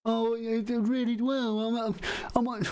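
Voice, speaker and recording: A man's voice: very high voice, little pitch movement, moderate pace, darkish tone, clear, resonant tone. A man hosting a comedy radio bit, hesitant and rambling with many restarts. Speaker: radio show co-host character. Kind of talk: improvised comedy sketch.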